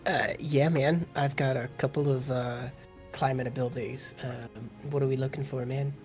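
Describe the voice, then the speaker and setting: A man's voice: mid-range voice, steady tone, moderate pace, soft background music. A man playing in a tabletop game, joking around in a laid-back way. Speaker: player. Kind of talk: casual chat in a tabletop game.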